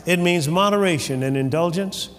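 A man preaching a sermon in a church, animated and calling on the congregation for amens. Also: sits high, moderate pace. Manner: animated, calls for amen from the congregation. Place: church sanctuary. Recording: hall reverb with faint ambience.

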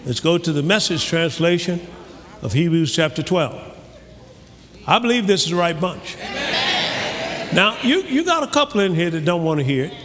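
A man preaching a sermon, shouting calls for amen to the congregation, then dropping to quieter asides. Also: a little high, big pitch swings, normal speed, long pauses. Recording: echoey hall with crowd noise. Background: congregation noise.

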